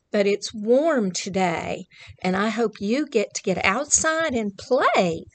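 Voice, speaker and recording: A woman leading a children's story time, reading a picture book aloud, counting along and talking directly to the children. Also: a little high. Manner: warm, sing-song, addresses children directly, counts along.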